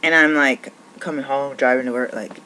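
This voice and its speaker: A woman's voice: very deep voice, steady tone, normal speed, sharp tone, a little hiss or hum, poor audio. Frustrated woman venting. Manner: frustrated, rambling, many restarts. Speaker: naturopathic doctor. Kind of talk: venting monologue.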